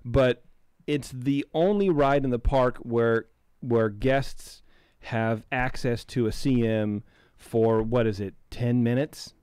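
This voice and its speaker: A male podcast host chats in a loose, rambling way, stumbling over his words and looping back to restart his sentences. His voice sits at an ordinary middle pitch. The sound is dry and close, with no room echo. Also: slow, darkish tone, smooth. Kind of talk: casual interview chat.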